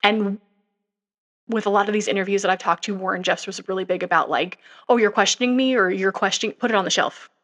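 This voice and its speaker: A woman's voice: mid-range voice, fairly even intonation, quick pace, fairly bright tone. A young woman co-hosting a podcast, retelling a story in a casual, rambling way with lots of fillers and asides. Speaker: podcast co-host. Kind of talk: casual true-crime chat.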